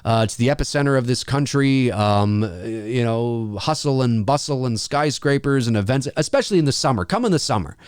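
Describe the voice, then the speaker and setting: Male host, mid-pitched, loose chatty delivery with frequent fillers, dry studio mic. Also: lively intonation, clean tone, no echo. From Canada. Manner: rambling, halting, lots of fillers. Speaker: livestream host answering viewer questions. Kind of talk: casual live Q&A. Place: home studio.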